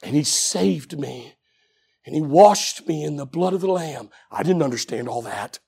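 A man delivers a sermon in a high, husky voice with a gravelly edge. He tells his story with lively swings, going from near-whispers up to full shouts. His pitch ranges widely. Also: measured pace. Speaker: preacher.

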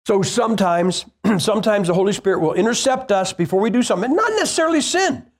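A man's voice: high voice, lively intonation, fast talker. A man preaching a sermon, telling a personal story in a plain-spoken, conversational way and firing rhetorical questions at the congregation.

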